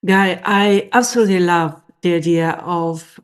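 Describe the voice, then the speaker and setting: A woman hosting a podcast interview. Her voice is fairly low for a woman, and she asks her questions hesitantly, pausing on fillers and restarting her phrases. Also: steady tone, clear, resonant tone. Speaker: podcast host.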